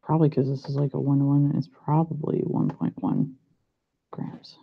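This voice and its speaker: A man's voice: mid-range voice, very animated, gravelly, slightly rough. A young man, a pharmacy student, thinking aloud as he works through practice problems and doubts himself. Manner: muttering to himself, unhurried, self-doubting. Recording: muffled lo-fi recording.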